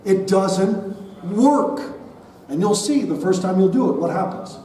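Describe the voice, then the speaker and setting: A man in his forties giving an energetic talk to parents at a school event, getting the audience to answer back and repeat after him. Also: sits high, unhurried, echoey room, distant mic, a little hiss or hum. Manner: energetic, leads the audience in call-and-response. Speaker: keynote speaker at a school parent night. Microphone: body-worn mic.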